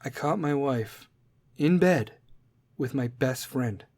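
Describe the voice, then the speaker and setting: A man voicing a heartbroken male bar patron in a joke, speaking low and glum. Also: expressive, slow, darkish tone, dry recording.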